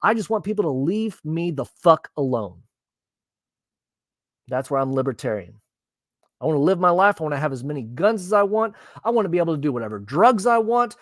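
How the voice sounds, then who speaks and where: A man's voice: fairly high pitch, big pitch swings, a little fast, no echo. A man ranting bluntly and profanely while reacting to the news in casual commentary. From Texas. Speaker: political commentary host.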